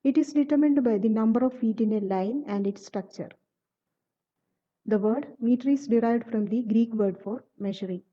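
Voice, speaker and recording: A woman narrating a lesson in a steady, measured reading of definitions. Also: on the high side, muffled recording. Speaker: teacher. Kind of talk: scripted explanatory narration.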